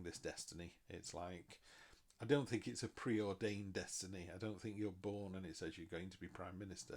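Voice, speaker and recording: Man reading tarot, middle-aged, low-pitched, chatty, self-mocking. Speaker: tarot reader.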